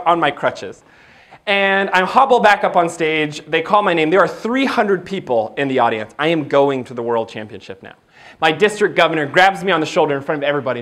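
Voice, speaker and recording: A man giving a motivational keynote in an event hall, telling a story in an animated, jokey way and acting out the dialogue. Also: high-pitched. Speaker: keynote speaker. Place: event hall before a live audience.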